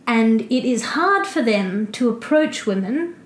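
Thoughtful woman, slightly high voice. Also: sing-song, measured pace. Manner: thoughtful, reasons through ideas with analogies. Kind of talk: casual podcast chat. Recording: roomy echo.

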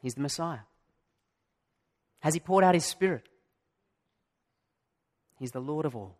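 A man's voice: a little high, expressive, unhurried, a little mellow. A middle-aged male pastor preaching a sermon in an earnest way, asking his listeners many direct questions.

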